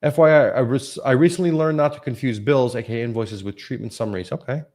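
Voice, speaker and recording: A middle-aged man, hosting a live Q&A as a lawyer. He reads comments aloud and answers in an easygoing, offhand way, tossing in quick jokes. His voice sits at an ordinary pitch for a man. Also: darkish tone. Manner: casual, offhand, jokey asides. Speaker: workers' compensation lawyer answering viewer questions.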